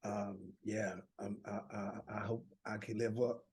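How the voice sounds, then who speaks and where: A middle-aged American man with a Southern drawl tells his story earnestly as a guest on an interview show, with many restarts in a conversational storytelling style. His voice is on the low side, unhurried, a little mellow and breathy, with little pitch movement.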